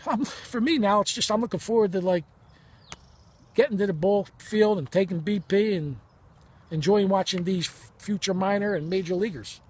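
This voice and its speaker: A man's voice: high-pitched, moderate pace, a little mellow. A man in his fifties telling a personal story in a heated, blunt and profane way, acting out the dialogue as he goes. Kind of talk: emotional first-person storytelling.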